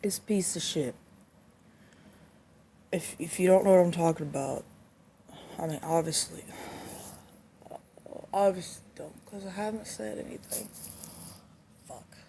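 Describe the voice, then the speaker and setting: Young woman vlogger, mellow and lowish voice, angry phone rant, lots of swearing. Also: a little slow, vocal fry, pauses often, slight background noise. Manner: indignant, swears a lot, repeats herself.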